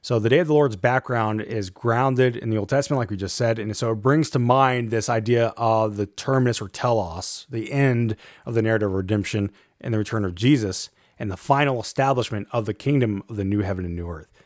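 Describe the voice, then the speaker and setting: A man giving a measured lecture on a Bible passage, reading verses aloud and adding an um or a "right?" now and then. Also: lowish voice, dry recording, clean studio sound. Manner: measured, reads quotes aloud, fillers like um and right. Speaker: Bible teacher.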